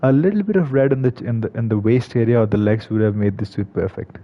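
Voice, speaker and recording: Male game commentator, casual and halting, mid voice, somewhat lo-fi mic. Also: medium pitch. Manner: hesitant, many fillers and restarts. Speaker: gaming video creator. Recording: slightly dull lo-fi recording.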